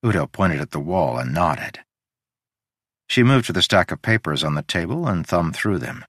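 A man narrates an audiobook at an even, measured pace. His voice sits low and the read is dry and close. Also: dry recording.

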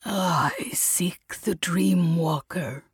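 A woman voicing a gaunt, eerie male stranger in a slow, raspy whisper. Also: on the low side, dry recording, clean studio sound, pitched above the performer's own voice, exaggerated voice.

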